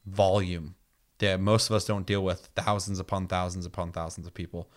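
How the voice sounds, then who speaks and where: An animated man hosts a casual podcast and rants with plenty of swearing. His voice sits a little low. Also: normal speed. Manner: animated, swearing freely, ranting. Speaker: podcast host. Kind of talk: casual chat.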